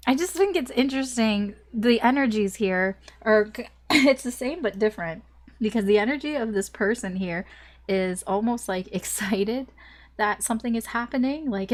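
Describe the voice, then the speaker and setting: A woman's voice: on the high side, expressive, normal speed. A young woman doing a casual tarot reading, chatty and rambling with lots of "like" and small laughs, a little choked up with a cough. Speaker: tarot reader.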